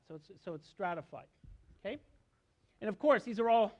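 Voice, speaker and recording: A middle-aged man giving a university biology lecture, explaining step by step and checking in with students. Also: high-pitched. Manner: explanatory, asks students questions, frequent "okay?". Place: lecture hall.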